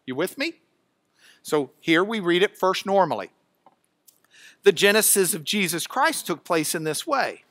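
A man teaching a classroom Bible lesson, bursting into loud dramatic emphasis as he reads and dropping to quiet asides between. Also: high-pitched, dry recording, studio quality. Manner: drops to quiet asides when searching notes. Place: classroom, recorded for radio.

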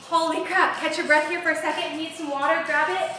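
Out of breath young woman leading a workout, high bright voice, echoey room, mic kinda far. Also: fairly even intonation, a little fast, soft background music. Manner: upbeat, cheering, counting reps. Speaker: fitness instructor. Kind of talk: live workout coaching. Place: large empty home gym floor.

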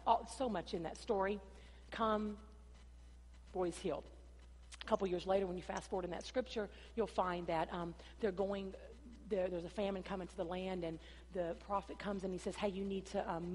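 A woman pastor delivers a sermon, her voice a little husky and carried by the long reverb of a church sanctuary. She rises into loud, emphatic passages and falls back to quieter storytelling, sometimes acting out the voices of people in her stories. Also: mid-range voice. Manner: preaching with dramatic rises and drops, acting out dialogue.

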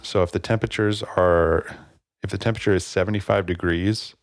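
A man's voice: deep voice, fairly quick, dry recording, studio quality. A man hosting a podcast alone, talking casually and rambling a little, with plenty of fillers. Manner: relaxed, rambling, many fillers. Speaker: podcast host. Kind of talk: casual solo podcast talk.

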